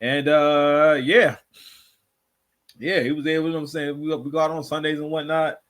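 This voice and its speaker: Dude hosting a chill reaction show, kinda high voice, rambles and repeats himself a lot. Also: male voice, steady tone, normal speed, fairly bright tone. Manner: rambling, repeats himself, constant filler phrases. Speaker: commentary show host. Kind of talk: casual reaction commentary.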